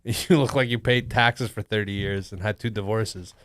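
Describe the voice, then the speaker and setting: A man's voice: fairly low pitch, fairly even intonation, normal speed, fairly bright tone, no echo, clean studio sound. A man in his thirties co-hosting a podcast, teasing his friend in crude, casual banter and laughing often. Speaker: podcast co-host.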